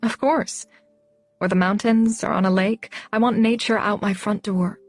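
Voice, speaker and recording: A woman's voice: medium pitch, fairly even intonation, moderate pace, no room sound, natural voice. A woman narrator voicing a reserved young woman in an audiobook, practical and dry. The delivery stays near an everyday speaking voice, close and dry. Faint music sits underneath. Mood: earnest.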